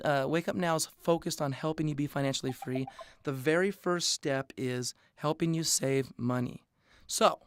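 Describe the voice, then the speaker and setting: Man, sales presenter, upbeat, conversational, rhetorical questions, higher-than-usual voice, dry sound. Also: clear, resonant tone, no room sound. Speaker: business opportunity presenter.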